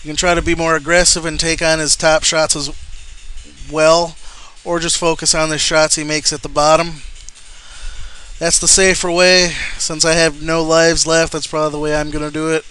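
A man's voice: a little high, flat delivery, moderate pace, pushed and bright, smooth. A young man giving casual gameplay commentary, explaining a boss fight and swearing in frustration at the game. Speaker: let's play commentator.

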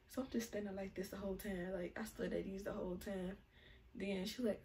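A woman's voice: mid-range voice, steady tone, brisk, dark tone, slight background noise. Chatty young woman telling a story. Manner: chatty and slangy, laughs often. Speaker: vlogger. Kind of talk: casual storytelling. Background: music.

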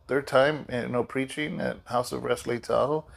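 A man's voice: mid-range voice, fairly even intonation, normal speed, vocal fry. A middle-aged man, a pastor, giving a casual devotional talk in a loose, rambling way with many fillers and restarts, sleepy and yawning.

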